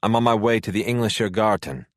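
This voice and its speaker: A man's voice: fairly low pitch, fast, dry recording, clean studio sound, natural voice. A male narrator playing a terse, guarded secret agent in a thriller audiobook.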